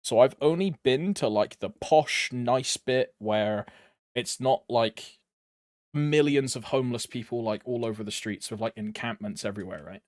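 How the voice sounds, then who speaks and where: A man's voice: medium pitch, moderate pace, a little mellow, no room sound, studio quality. A young man streaming a game, chatting casually in a rambling way, laughing often and calling his viewers bro. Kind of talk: casual chat while gaming.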